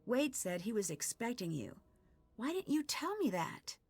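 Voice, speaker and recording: Nancy, an earnest young sleuth. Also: female voice, fairly high pitch, big pitch swings, unhurried, slightly rough, no echo, heavily acted. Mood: inquisitive. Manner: earnest, questioning. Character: young female detective, curious and polite. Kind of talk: video game voice acting.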